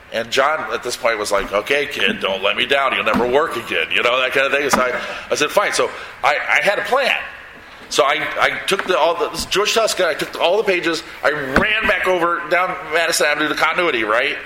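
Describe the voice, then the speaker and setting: A man's voice: mid-range voice, pushed and bright, slight background noise. A man in his sixties, a comic book artist, telling rambling stories to a live audience with frequent restarts and laughter. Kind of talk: anecdotal storytelling to a live audience. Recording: roomy, echoey hall sound.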